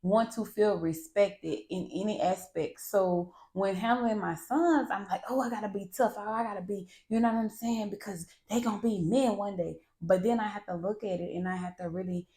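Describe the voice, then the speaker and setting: A woman hosting a podcast, talking candidly and bluntly about parenting, swearing freely in a lively, animated way. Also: mid-range voice, normal speed, few pauses. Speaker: podcast host. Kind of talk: candid monologue.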